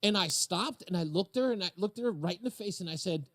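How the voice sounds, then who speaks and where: A man's voice: sits high, lively intonation, fast, fairly bright tone, no echo. A man hosting a call-in radio talk show, chatting casually and telling stories with frequent laughs. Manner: chatty storyteller, laughs often.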